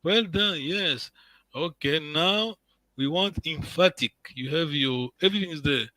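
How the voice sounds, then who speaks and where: A man's voice: fairly high pitch, unhurried, sharp tone, low-quality recording. A man teaching an online language class, patient and encouraging, repeating words and checking in with his students.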